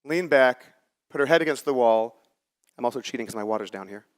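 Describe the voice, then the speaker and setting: Brisk and animated, this mid-range male voice belongs to a conference speaker in his forties. Before a live audience, he tells stories in a conversational way and dramatizes the lines he quotes.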